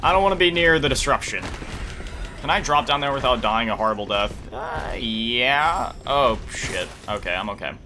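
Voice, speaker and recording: Lively-voiced tired man playing a game. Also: mid-range voice, moderate pace. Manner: chatty, self-deprecating, laughs often. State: tired, yawning. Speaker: gaming YouTuber. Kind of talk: casual let's-play commentary. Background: game music.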